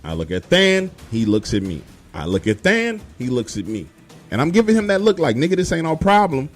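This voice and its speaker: A male storyteller recounts a creepy night in a loose, profane, emphatic way. His pitch swings animatedly from line to line. Soft music plays underneath. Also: big pitch swings, normal speed. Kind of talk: first-person horror storytelling.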